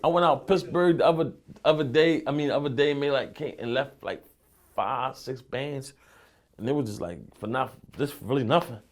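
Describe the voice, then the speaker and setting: A young Philadelphia rapper, speaking at a medium pitch and moderate pace, tells loose streetwise stories in an interview. His casual storytelling is packed with profanity and "you know what I'm saying."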